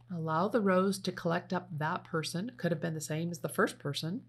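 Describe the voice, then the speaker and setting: Female meditation leader, low gravelly voice, slow gentle instructions. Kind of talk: guided meditation.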